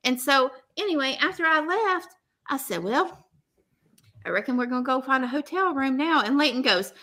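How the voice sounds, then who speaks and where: A woman with a drawl tells a story in casual talk, her pitch rising and falling a lot. Her voice is high and bright, and she voices each person in the story. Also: moderate pace. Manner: animated, laughing, acts out both sides of dialogue.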